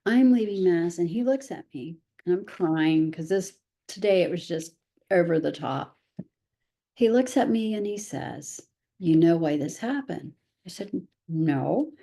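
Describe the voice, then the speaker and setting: A middle-aged woman, herself the parent of a child with special needs, gives a chatty presentation to parents, sprinkling in "right?" asides and self-deprecating humor. Her voice is on the low side and warm, with lively intonation at a moderate pace.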